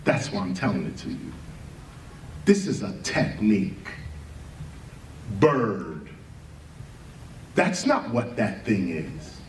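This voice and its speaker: A man's voice: lowish voice, very animated, slow, pauses often. A man giving a rhetorical lecture, firing questions at the listener and spelling words out letter by letter. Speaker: speaker giving a talk. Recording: echoey room, far from mic, faint ambient noise.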